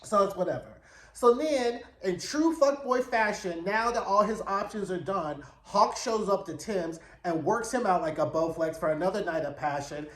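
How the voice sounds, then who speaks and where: A man's voice: high-pitched, lively intonation, moderate pace, reverberant. A man giving a sassy, slangy, chatty recap of a TV episode, slipping into quoted voices as he retells scenes. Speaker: TV recap reviewer. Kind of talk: casual recap and commentary.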